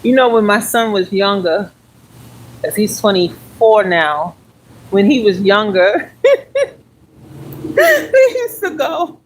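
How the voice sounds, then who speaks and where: A speaker in their forties chats loosely on a live stream, drifting from one thought to the next. The talk is casual and unhurried, recorded on a phone while walking outdoors. A faint bed of noise sits under the voice. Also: medium pitch, low-quality recording. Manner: chatty and meandering, talks while walking and exercising. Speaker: livestreamer. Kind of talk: rambling casual live chat.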